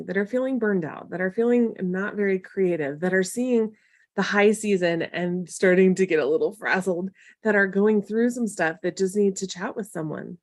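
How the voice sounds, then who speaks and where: A woman's voice: medium pitch, a little mellow, dry recording, studio quality. A woman coaching viewers in a casual live stream, chatty and encouraging with tough-love asides. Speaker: marketing coach hosting a live Q&A.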